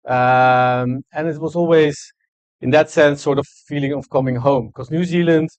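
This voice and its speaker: Dutch-native man, halting, dry room. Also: fairly high pitch, fairly even intonation, darkish tone, clean tone, no echo. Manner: halting, many fillers and restarts. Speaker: ambassador. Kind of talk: fireside chat interview. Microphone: no microphone, room.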